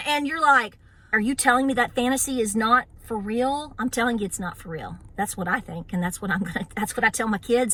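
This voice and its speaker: A woman's voice: a little high, bright, forceful tone. A middle-aged woman, hosting a homestead vlog and ranting bluntly with a sassy edge, laughing often. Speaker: homestead channel host. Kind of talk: opinionated casual vlog rant.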